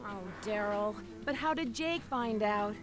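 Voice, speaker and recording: A woman's voice: medium pitch, unhurried, natural voice. An actress playing an earnest teenage girl detective in a mystery game, asking probing questions. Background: game music.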